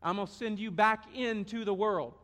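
A man voicing God as a calm, firm figure in a sermon retelling. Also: high-pitched, moderate pace. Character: calm, patient God speaking to Moses. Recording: echoey hall.

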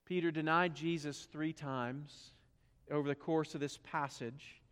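A pastor with a Southern drawl preaching in a fairly high voice. He drops to a near murmur, then builds to loud, pressing questions. A long hall reverb trails each phrase. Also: fairly even intonation, measured pace, clean tone. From South Carolina. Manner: swings from hushed to loud and emphatic, rhetorical questions. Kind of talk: sermon.

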